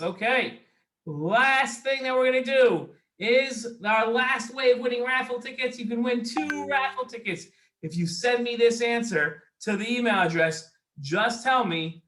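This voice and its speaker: A man hosts a children's show and speaks straight to the young viewers. His voice is high and bright, and he talks slowly and deliberately. The sound is recorded in an echoey room. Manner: drawn-out, deliberate, addresses viewers. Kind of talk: slow, deliberate presenting of a kids' quiz.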